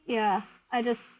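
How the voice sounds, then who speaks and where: A woman's voice: fairly high pitch, rough recording. A young woman streamer chatting casually with viewers, self-deprecating and laughing often. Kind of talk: casual chat with viewers while drawing.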